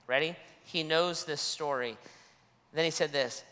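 A man's voice: on the high side, a little slow, sharp tone, big-room sound. A man preaching a sermon as a pastor, earnest, often restarting and repeating his phrases.

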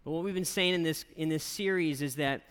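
Pastor with a bright voice in a reverberant hall. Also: male voice, a little high, fairly quick, clean tone. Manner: animated storyteller, conversational, keeps asking "right?". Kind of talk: sermon with a personal story. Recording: long reverb of a large hall.

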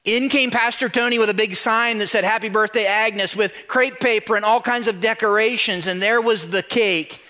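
Animated man preaching a story. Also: sits high, moderate pace, few pauses. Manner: animated, swings from loud to hushed. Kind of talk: sermon storytelling.

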